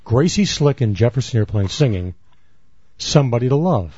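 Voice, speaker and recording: A man rambles through a podcast story and repeats himself as he acts out the scenes. His voice is mellow and dark, recorded dry and slightly dull. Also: medium pitch, sing-song, normal speed, husky, no room sound. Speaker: podcast co-host. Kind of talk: casual banter and storytelling.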